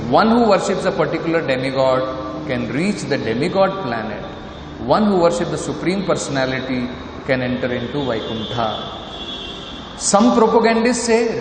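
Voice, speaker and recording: Emphatic Indian man preaching in an echoey hall. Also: medium pitch. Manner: emphatic, asks rhetorical questions and repeats points. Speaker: lecturer of scripture. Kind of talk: sermon. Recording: echoey hall with faint noise.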